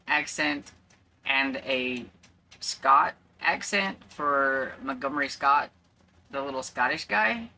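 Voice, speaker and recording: Chatty woman with a low, bright voice. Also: slight background noise. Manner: rambling and chatty, with many fillers. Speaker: book vlogger. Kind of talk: casual chat. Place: at home.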